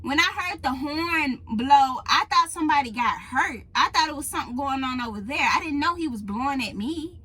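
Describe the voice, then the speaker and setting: Bright, high-voiced woman telling a story. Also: moderate pace, few pauses, poor audio. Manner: animated, emphatic, talks to viewers directly. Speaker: truck driver vlogger. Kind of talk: casual storytelling to camera. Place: truck cab. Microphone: phone in a holder.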